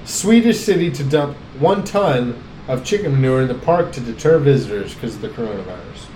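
A podcast host with a medium-pitched, warm voice chats casually, talking animated and fairly quick. He jokes crudely as he reads news stories aloud, recorded in an echoey room with faint background noise.

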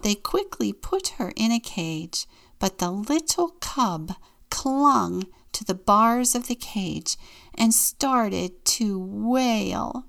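A woman deacon reading a children's picture book aloud in a gentle, unhurried storytelling manner. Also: mid-range voice, expressive, creaky.

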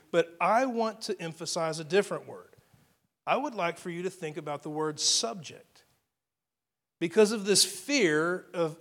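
A man's voice: on the high side, fairly bright tone. A man preaching a sermon, earnest, stopping often to restart a phrase and add "I mean" asides. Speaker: pastor.

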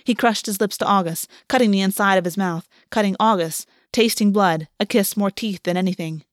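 A woman narrating a work of fiction in an audiobook reading, measured and slowing on the emotional beats. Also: medium pitch, no echo, clean studio sound.

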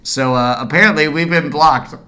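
A man in his thirties trades jokes on a casual podcast recorded in a small home studio. His tone is bright and forward, he laughs easily, and he cuts in often with teasing asides. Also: a little high, normal speed. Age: 30s. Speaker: podcast co-host. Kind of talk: casual chat. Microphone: studio mic.

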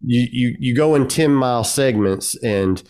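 A man's voice: medium pitch, a little slow, a little mellow. A man hosting a casual podcast interview, talking in a loose, rambling way full of fillers. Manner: loose and rambling, with many fillers like "like" and "you know". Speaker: podcast host.

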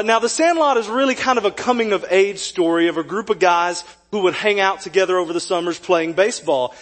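A man preaching a sermon as pastor, joking and conversational, then dropping to a quiet, earnest tone. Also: high voice.

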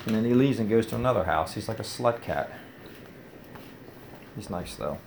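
A man with a lowish voice hosts his own podcast. He talks loosely and casually. He drifts between thoughts with fillers and restarts. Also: expressive, normal speed, gravelly, background noise. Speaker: podcast host. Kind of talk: casual rambling chat.

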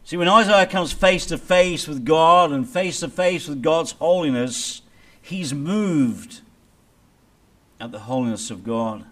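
A man preaching a sermon as pastor, reading scripture and building to loud dramatic peaks before dropping low. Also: animated, slow. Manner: dramatic preaching with big swings in loudness.

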